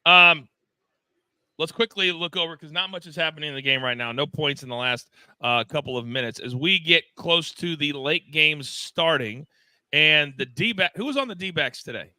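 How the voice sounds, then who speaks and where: A man hosts a live sports betting show in a very bright, forceful voice that sits a little high. He is excitable, loud and self-deprecating. The room sounds dry, with a close mic. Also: normal speed, clear, resonant tone, no echo. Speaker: host.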